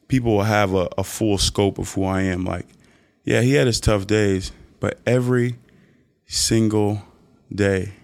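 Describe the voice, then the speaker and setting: Earnest young man preaching on a podcast. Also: creaky. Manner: earnest, preachy, jumps into high mock voices for emphasis. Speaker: podcast host. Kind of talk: faith-based motivational monologue.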